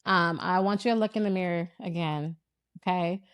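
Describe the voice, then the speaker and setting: A woman hosting a heartfelt conversation, speaking softly with gentle affirmations and drawn-out phrasing. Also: on the low side, steady tone, clear, resonant tone, no room sound. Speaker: host.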